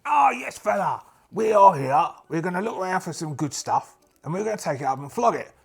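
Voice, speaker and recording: A man's voice: high voice, very animated, a little fast, creaky, slightly rough, pitched above the performer's own voice, heavily acted. A man voicing a cheeky male duck adventurer in a solo tabletop role-play, with a matey, wheedling sales patter. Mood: chummy.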